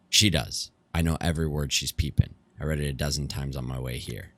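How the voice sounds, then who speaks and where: A man's voice: rumbling low, steady tone, brisk, few pauses, fairly bright tone, dry recording. A man reading a game story aloud as an amateur audiobook, narrating steadily in the first person. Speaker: fan reader.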